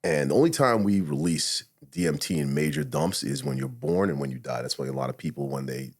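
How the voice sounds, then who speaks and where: A man's voice: extremely low pitch, big pitch swings, a little fast, creaky, darkish tone, slightly rough. A middle-aged man, a podcast guest, telling a personal story candidly, swearing often and acting out his own thoughts as quotes. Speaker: podcast guest, retired SWAT officer.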